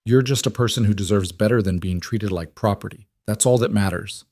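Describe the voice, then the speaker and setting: A steady, plain-spoken lone rancher, calm and firm in every word, as a male narrator puts him on. The voice is low and close, with a dry sound. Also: normal speed, dry recording. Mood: gentle.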